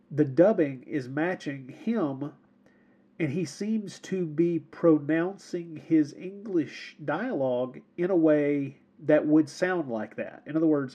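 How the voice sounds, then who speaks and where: A man with a husky, slightly raised voice talks through a film in casual podcast chat. His tone is mellow and dark, and he circles back on himself, stumbles over repeated words and laughs now and then. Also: a little high. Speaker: podcast co-host.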